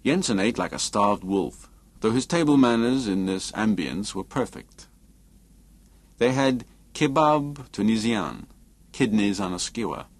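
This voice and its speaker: A man narrating a novel as an audiobook in a measured, expressive reading. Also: lowish voice, dry recording.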